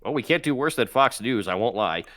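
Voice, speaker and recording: A man's voice: mid-range voice, lively intonation, a little fast, a bit bright. A man co-hosting a podcast, joking around in casual chat while reading out a list. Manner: jokey, reads out a list while riffing. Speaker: podcast co-host. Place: small home studio.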